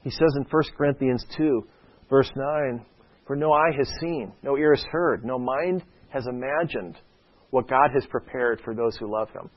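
Male preacher at a medium pitch, chatty and anecdotal, on a dull lo-fi recording. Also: normal speed. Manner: conversational, often adds "okay?". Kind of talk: sermon with a personal story. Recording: dull lo-fi sound.

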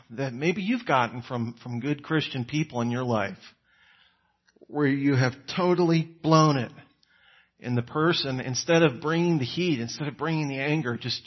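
A man preaching a conversational sermon, acting out quoted lines with sudden rises in pitch and volume. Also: dull audio.

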